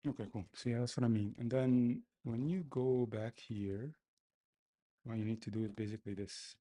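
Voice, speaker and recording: A man talking to himself as he codes, complaining loudly, then explaining each step casually. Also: mid-range voice, fairly even intonation, moderate pace. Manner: exasperated, talks to himself while coding. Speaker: developer livestreaming his coding. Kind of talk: casual coding commentary.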